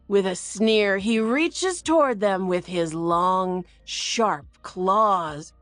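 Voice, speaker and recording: A woman reading a children's picture book aloud in an expressive way. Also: dry recording, faint music behind. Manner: expressive and slow, very lively pitch. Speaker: read-aloud narrator.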